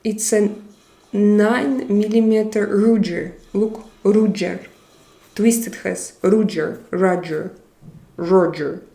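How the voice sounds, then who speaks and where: A woman hosting a live stream, chatting casually and reading viewer comments aloud in a halting, chatty way. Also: mid-range voice, fairly even intonation, creaky, mellow. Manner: halting, chatty, laughs often. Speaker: livestream host. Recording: roomy echo.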